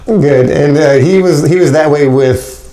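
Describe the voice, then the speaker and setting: A man's voice: a little high, unhurried, warm tone, reverberant, slight background noise, poor audio. A man co-hosting a show, agreeing and laughing often in casual chat. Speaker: show co-host.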